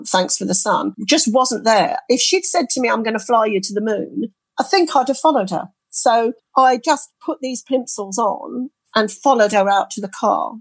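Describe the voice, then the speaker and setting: A middle-aged woman from the UK tells a personal story as an interview guest, bringing the people in it to life with lively quoted voices. Her voice sits a little high and carries a husky edge. The sound is dry and close. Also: dry recording, poor audio. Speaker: interview guest, spirit artist. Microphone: headset earphones.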